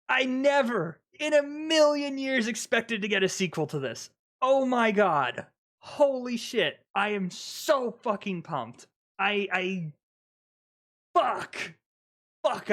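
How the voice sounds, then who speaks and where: A man streaming live, reacting to a trailer with excited, swear-filled gushing like a fanboy. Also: fairly high pitch.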